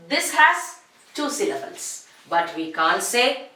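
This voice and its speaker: A woman teaching a grammar lesson, slowly drawing out each example phrase and repeating forms. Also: on the high side, very animated, bright, forceful tone. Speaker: English teacher. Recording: echoey room.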